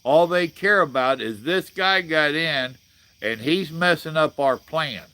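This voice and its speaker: A man's voice: on the high side, expressive, measured pace, pushed and bright. A man, hosting a casual live chat and reading viewer comments in a blunt, folksy way. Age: 60s. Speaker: livestream host.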